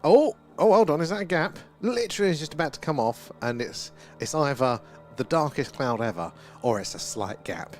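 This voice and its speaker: A man's voice: on the high side, lively intonation, normal speed, faint music behind. A British man hosting a live sky-watching stream, chatting casually, answering viewer comments and laughing often. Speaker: livestream host.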